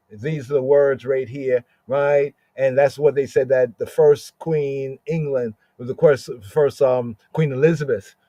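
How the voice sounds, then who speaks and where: A man hosting a podcast, teaching scripture slowly and repetitively and often asking "right?" as he explains words. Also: a little high, mellow, no echo, dull audio.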